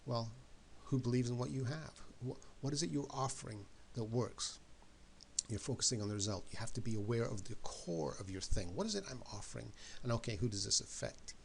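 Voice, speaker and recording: A man's voice: mid-range voice, lively intonation, fairly quick, vocal fry, slight background noise. A man giving an emphatic motivational talk, often repeating words and questions for effect. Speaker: motivational speaker.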